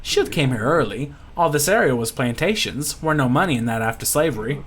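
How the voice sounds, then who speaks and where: Brief: a streamer doing a folksy Louisiana-drawl oil pirate, lively sing-song delivery. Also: medium pitch, fairly quick, close to an everyday voice. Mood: gossipy. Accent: put-on Louisiana drawl. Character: gruff fugitive oil pirate man with a drawl. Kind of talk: reading game dialogue aloud.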